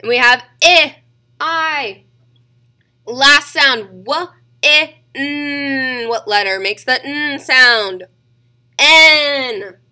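A woman teaching a kindergarten reading lesson, sounding out letters slowly and clearly. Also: high-pitched, expressive, bright, forceful tone.

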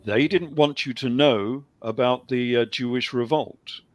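A man's voice: medium pitch, a little slow, no room sound. A man talking on a call-in show, rambling with lots of ums and a dry humor. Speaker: guest author. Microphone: video call.

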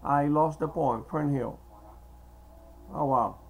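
A man whose first language is Spanish, talking in a hesitant, meandering monologue to camera with many filler pauses. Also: a little high, creaky, a little hiss or hum, rough recording. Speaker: video blogger. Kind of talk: casual rambling monologue to camera.

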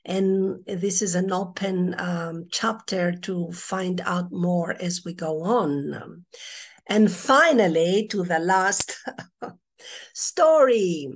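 A woman's voice: fairly low pitch, extremely slow. A woman presenting an online teaching webinar on storytelling, speaking expressively with frequent hesitations. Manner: hesitant with fillers, expressive and animated.

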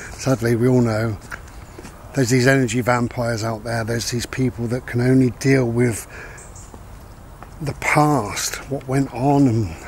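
A man's voice: mid-range voice, steady tone, a little slow, darkish tone, a little hiss or hum. A man talking through life advice in a casual rambling monologue, reflective and repeating his key points. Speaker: vlogger giving life advice. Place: outdoors walking a dog.

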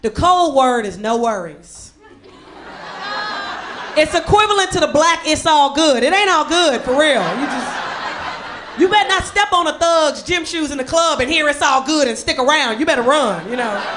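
A young woman from Chicago doing a sassy, animated stand-up set on a club stage, jumping into high quoted voices for the people in her jokes. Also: moderate pace, pauses often, background noise. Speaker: stand-up comedian.

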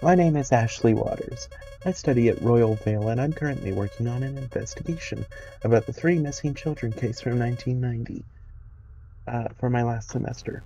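A man's voice: medium pitch, brisk, dark tone, lo-fi sound, soft background music, pitched above the performer's own voice, lightly acted. A man voicing a polite, earnest teenage girl who questions townspeople for a school investigation in a game. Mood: eager.

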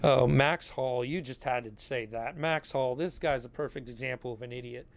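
A man's voice: mid-range voice, normal speed, slight background noise. A man giving a sarcastic, combative rant as he answers viewer comments on his YouTube channel.

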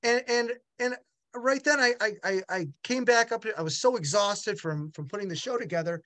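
A middle-aged man, a gallery owner, telling a personal story in an animated way with many halting restarts. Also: high voice, no room sound. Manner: animated, acts out other voices in quotes. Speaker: gallery owner and art dealer.

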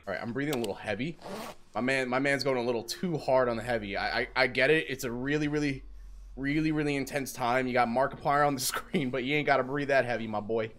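A young man doing playful let's play commentary, joking loudly, dropping to whispers and jumping to yelps. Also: medium pitch. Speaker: gaming YouTuber. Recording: noisy background, mouse clicks.

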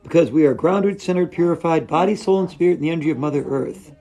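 This is a man voicing an over-earnest yoga instructor lady who gushes through her poses and mantras. Her voice sits high and drifts into breathy, drawn-out chanting. Soft music plays faintly behind her. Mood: dreamy. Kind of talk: comic yoga class sketch.

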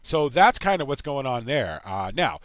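A man's voice: medium pitch, big pitch swings, no room sound. Rambling American man narrating a farm game. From United States. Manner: halting, full of uh and you know. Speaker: gaming channel host. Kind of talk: rambling let's-play commentary.

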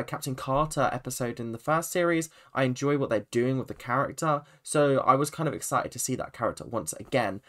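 A man's voice: mid-range voice, a bit bright. A man giving a casual, rambling spoken review of a TV episode, full of restarts and asides. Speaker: TV review vlogger.

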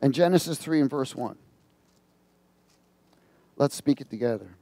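A man's voice: mid-range voice, moderate pace, dark tone, dry recording. A male preacher giving a sermon, reading scripture aloud and prompting the congregation to fill in the words. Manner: reads scripture aloud and comments on it.

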